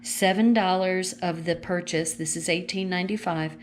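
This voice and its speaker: A woman's voice: lowish voice, steady tone, moderate pace, slight background noise. A woman casually walking viewers through a craft catalog at home, chatty and gushing as she thinks aloud while turning the pages. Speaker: consultant showing a craft catalog. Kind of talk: casual catalog walkthrough vlog. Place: at home with her dogs.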